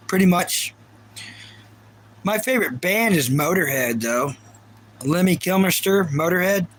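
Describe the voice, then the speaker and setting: A man's voice: high voice, fairly bright tone, rough recording. A man with a Kentucky accent chatting casually on a live stream, rambling earnestly and reading viewer comments aloud. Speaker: livestreamer.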